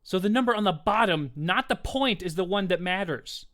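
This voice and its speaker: A man's voice: sits high, lively intonation, normal speed, a bit bright. A man hosting a tabletop game podcast as game master, playful and laughing often.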